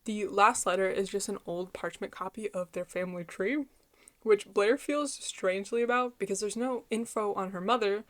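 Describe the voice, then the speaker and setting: A woman giving a casual book review, summarizing the plot in a blunt, outspoken way and swearing freely. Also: mid-range voice.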